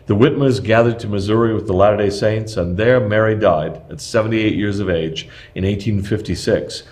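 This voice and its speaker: Steady low-voiced man reading history. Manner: measured, steady reading with occasional slips. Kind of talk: reading a scripted historical text aloud.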